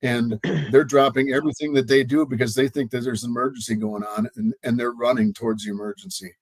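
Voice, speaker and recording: A man's voice: medium pitch, fairly even intonation, fast talker, no echo, poor audio. Earnest man, search-and-rescue sheriff. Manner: earnest, repeats words while telling a story. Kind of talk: casual panel talk.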